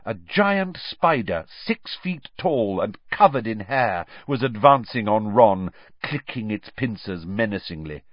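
A man reading a story aloud with animated, dramatic narration. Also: lowish voice, unhurried, dry recording, dull audio. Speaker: audiobook narrator.

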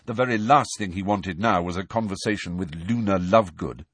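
A man narrating a novel aloud in a measured storytelling manner. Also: low voice, fairly bright tone, slightly rough, no echo. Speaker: reader. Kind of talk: audiobook narration.

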